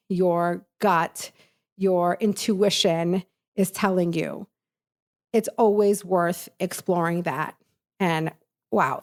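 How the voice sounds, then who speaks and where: A woman hosting a podcast, responding effusively to listener messages with many fillers. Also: medium pitch. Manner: warm-hearted and effusive, lots of filler words. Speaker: podcast host. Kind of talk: podcast commentary.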